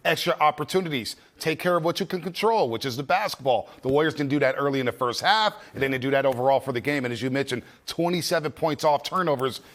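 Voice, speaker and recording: A man's voice: medium pitch, fast talker, few pauses, fairly bright tone. Upbeat man hosting a postgame show. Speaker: sports show host. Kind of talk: postgame studio analysis.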